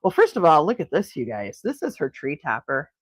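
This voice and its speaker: A woman's voice: low-pitched, wildly swooping pitch, a little fast, breathy edge, no echo. A middle-aged woman hosting a casual morning livestream chat, gushing and laughing often as she reads viewer comments. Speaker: livestream host.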